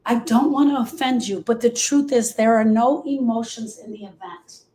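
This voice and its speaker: Woman grief coach, live teaching talk; emphatic and direct with listeners, a bit high-pitched, roomy echo. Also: normal speed, mellow.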